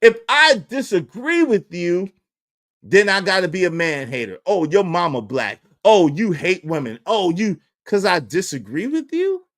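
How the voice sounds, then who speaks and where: Exasperated high-voiced man ranting. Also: very animated, a little slow, a bit bright. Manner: exasperated, mocks critics in put-on voices; repeats phrases for emphasis, laughs between lines. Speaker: commentary channel host. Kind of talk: ranting commentary to a live chat.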